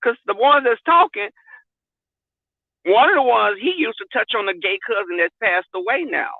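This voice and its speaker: Sassy man, high lively voice, tinny phone sound. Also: vocal fry, no room sound. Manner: sassy, profane, animated storytelling. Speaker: vlog host. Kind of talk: casual live-stream storytelling. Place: in a car.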